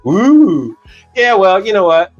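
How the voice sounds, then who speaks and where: A man from Chicago rants bluntly on his live stream, swearing freely and snapping back at comments from his chat. His voice sits a little high. The stream audio is dull and lo-fi, with faint music underneath. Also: very animated, slow. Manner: blunt, profane, ranting. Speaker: commercial kitchen equipment technician and live streamer.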